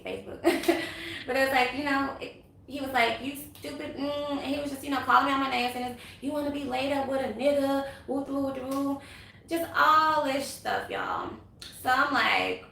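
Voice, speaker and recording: A young woman, telling a story to her viewers in a casual, animated vlog. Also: a little high, vocal fry. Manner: animated, chatty, quick asides to viewers. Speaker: vlogger. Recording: echoey room.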